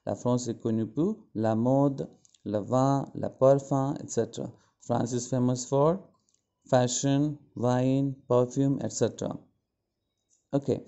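Man teaching slowly, gravelly and dark. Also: mid-range voice. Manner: slow explanatory, translating phrase by phrase. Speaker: French teacher. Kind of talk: classroom lesson. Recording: dull lo-fi sound.

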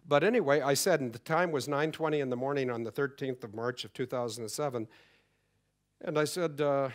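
A man's voice: mid-range voice, fairly quick. A middle-aged man telling a story to a conference audience, acting out the exchanges he quotes. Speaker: conference speaker. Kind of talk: conference talk. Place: conference hall.

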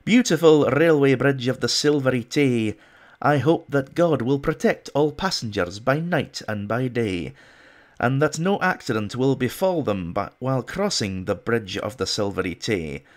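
A man's voice: medium pitch, pitched above the performer's own voice, lightly acted. A man putting on a Scottish accent to play a pompous Victorian poet, reciting verse in a grand, sing-song way. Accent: put-on Scottish. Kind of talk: dramatic poetry recital.

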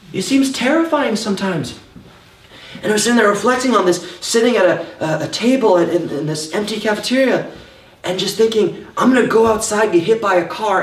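Man preaching an animated testimony sermon. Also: medium pitch. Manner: animated storytelling, acting out his own past thoughts. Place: church hall. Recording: echoey room, mic at a distance.

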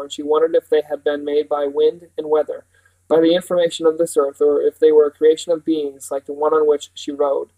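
Slightly high-voiced man reading a novel. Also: rough recording. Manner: steady reading with occasional self-corrections. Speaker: reader.

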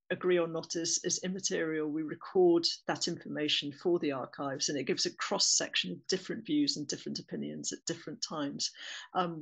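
Gravelly, husky English woman presenting. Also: fairly low pitch, rough recording. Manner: conversational with frequent fillers. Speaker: oral historian presenter. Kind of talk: webinar talk.

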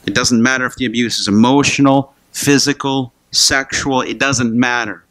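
A man delivers a church sermon in a relaxed, talky way. He often restarts or doubles his words and calls the listeners "guys". His voice is mid-pitched and recorded close and dry, with little room sound. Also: moderate pace, no room sound. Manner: conversational preaching with repeated words and restarts. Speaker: pastor.

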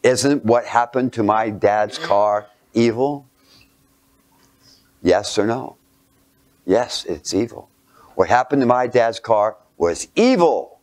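A man giving a sermon through a childhood story, animated, sometimes dropping to a near whisper and putting rhetorical questions to his listeners. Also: medium pitch, slow pace, long pauses. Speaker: speaker.

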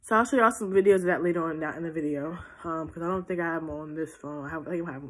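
A tired teenage girl talks into her phone for a casual question-and-answer vlog. Her voice sits a little low, and she rambles with frequent restarts. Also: racing, fairly bright tone. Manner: chatty, rambling, many restarts. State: tired and yawning. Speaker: vlogger.

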